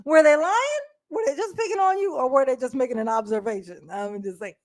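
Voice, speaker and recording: A woman doing casual live-stream commentary, blunt and profane, chatting directly with her viewers and breaking into quick laughs. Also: high-pitched, expressive, no echo. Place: indoors at home.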